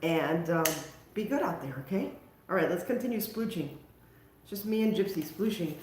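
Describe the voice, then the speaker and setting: A woman's voice: fairly low pitch, expressive, brisk, a little mellow, roomy sound, slight background noise. A woman hosting a live crafting stream, chatting casually and poking fun at herself as she paints. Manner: chatty, self-mocking, talks to viewers while working. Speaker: crafting livestream host.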